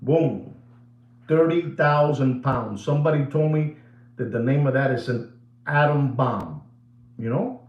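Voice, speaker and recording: Male host, casual rant, repeats himself a lot, mixes in Spanish, middle pitch, roomy echo. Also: measured pace, pauses often, highs cut off. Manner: animated, repetitive, switches into Spanish phrases. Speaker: watch channel host.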